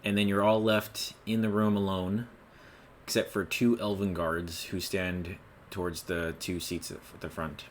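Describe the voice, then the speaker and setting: Deep-voiced man narrating a tabletop game. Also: unhurried, a little hiss or hum. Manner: relaxed storytelling with fillers. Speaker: game master.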